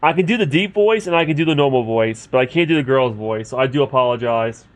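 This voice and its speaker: A man's voice: medium pitch, lively intonation, fast. A man streaming a role-playing game, chatting casually to his viewers between lines of game text. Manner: chatty, talks to chat while reading game text. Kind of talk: casual livestream commentary.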